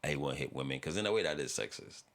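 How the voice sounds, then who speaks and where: A man's voice: very deep voice, animated, fast, a bit bright. A man hosting a music reaction video, talking in a laid-back, rambling way with frequent laughs and casual swearing.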